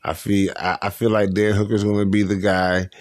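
Young male podcast host, low voice, slangy and repetitive, dry close mic. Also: level tone, moderate pace, dry recording. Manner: loose, slangy, repeats himself. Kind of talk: casual solo podcast chat about fights.

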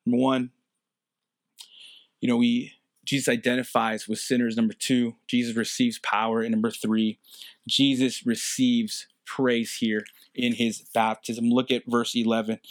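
A man's voice: mid-range voice, flat delivery, measured pace, dry recording, studio quality. A man preaching a sermon in an earnest way, repeating key phrases and adding casual fillers. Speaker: pastor.

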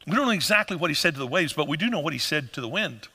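A man preaches with great animation, his voice pitched high and swinging widely as he acts out scenes for his congregation. The sound is strikingly bright and carries a long hall reverb. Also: lively intonation, very fast. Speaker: pastor. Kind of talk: sermon.

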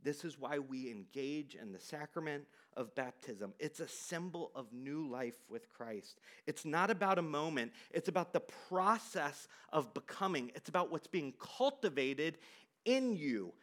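A man preaching a sermon in a high, swooping voice that climbs and falls all over. He asks the congregation questions, then sinks to a hush on the words he wants to land. It plays as an earnest, emphatic pastor. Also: expressive, unhurried. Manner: emphatic, dropping to quiet for stress.

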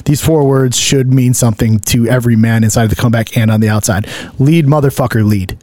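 A man's voice: medium pitch, little pitch movement, quick pace, dark tone, no echo. A man co-hosting a podcast, giving blunt, profane, emphatic coaching advice to husbands. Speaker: podcast co-host, men's coach. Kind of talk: casual motivational podcast talk.

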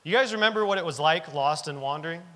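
Guy in his 30s preaching, kinda high voice, earnest and repeating himself for emphasis. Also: quick pace, pushed and bright. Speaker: pastor. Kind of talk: sermon. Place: church sanctuary. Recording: long reverb of a church hall.

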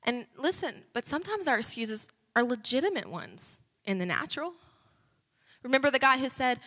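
A woman preaches a sermon in a high, bright voice. She talks conversationally, then builds to fervent emphasis. Her voice rings with the long reverb of a large church hall. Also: big pitch swings, moderate pace. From United States.

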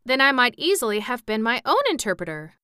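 A woman's voice: fairly high pitch, very animated, brisk, bright, forceful tone, smooth, dry recording, clean studio sound, pitched above the performer's own voice. A woman voicing a pompous, severe male scarecrow king who speaks in a lofty, reproving way, in a storybook reading.

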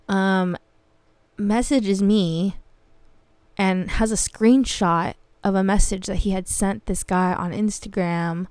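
A woman's voice: medium pitch, darkish tone, smooth, no echo. A young woman telling a blunt, profane, slang-heavy story as a podcast host. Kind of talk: casual storytelling monologue.

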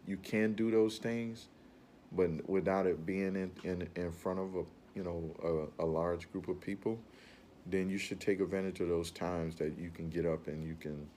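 A slightly mellow, very low-voiced man rambles through an informal motivational talk with earnest conviction, repeating words on his way to a point. A faint room tone carries a little hiss or hum.

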